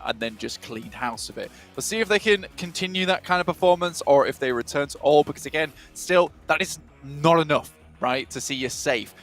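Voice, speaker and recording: A man casting an esports match in a measured, chatty way, with many ums and uhs. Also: medium pitch, fairly bright tone. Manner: measured, conversational, with fillers. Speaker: caster. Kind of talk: esports play-by-play commentary.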